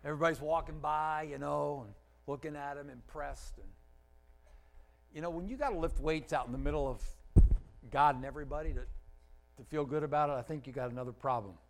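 A pastor with a slightly high, gravelly voice preaches through stories with vivid emphasis. He gets loud, then drops quiet and slow, and puts questions to the congregation, all on a rough recording.

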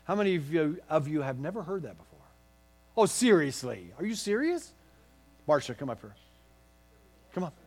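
A man's voice: on the high side, big pitch swings, normal speed, pauses often, a little mellow. A male pastor preaching a sermon in a folksy, encouraging way, joking with the congregation and leading them in song.

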